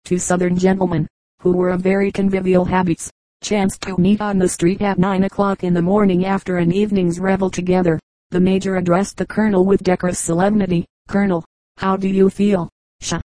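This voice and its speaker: Mellow-voiced woman narrating an audiobook. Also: lowish voice, flat delivery, a little fast, no room sound, poor audio. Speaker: audiobook reader. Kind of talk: scripted narration.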